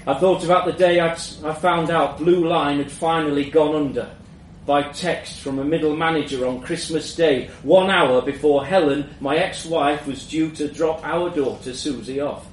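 A man's voice: on the high side, fairly even intonation, normal speed, few pauses. Man reading a story in an echoey room. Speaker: narrator. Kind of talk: first-person story reading. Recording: roomy echo, mic at a distance, faint background hum.

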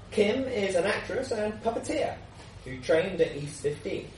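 Slow-talking host introducing a performer. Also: medium pitch, lively intonation, slight background noise. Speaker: event host. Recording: roomy, distant live recording.

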